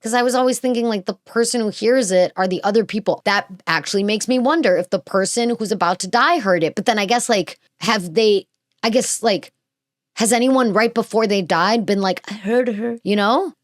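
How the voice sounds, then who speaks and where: A woman's voice: mid-range voice, moderate pace, no echo, studio quality. A woman hosting a podcast in casual chat, gushing and rambling, often restarting her sentences. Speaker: podcast host.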